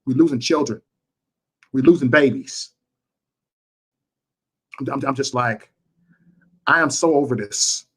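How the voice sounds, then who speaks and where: A man's voice: medium pitch, measured pace, pauses often, husky. A man ranting to his livestream chat, impassioned and repeating himself for emphasis. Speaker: YouTube livestreamer.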